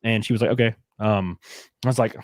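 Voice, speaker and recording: Open-hearted man, low voice, dry sound. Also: a little fast, dry recording. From United States. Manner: candid, rambling storytelling with many fillers. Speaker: podcast host. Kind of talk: casual chat.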